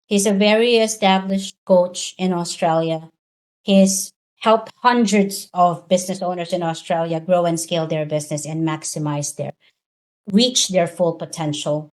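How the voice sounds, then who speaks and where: A woman's voice: on the low side, fairly even intonation, a little slow. A woman giving a motivational talk as a coach for virtual professionals, talking in a direct, earnest way with many rhetorical questions.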